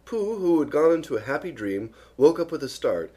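Man reading a storybook aloud, husky, lively up-and-down delivery. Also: medium pitch, a little fast. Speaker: reader.

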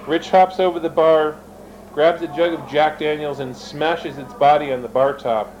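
A man's voice: on the high side, darkish tone, a little hiss or hum, rough recording. A man reading his own fiction aloud, switching between narration and character voices and speaking directly to his listeners. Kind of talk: dramatic reading of an erotic story.

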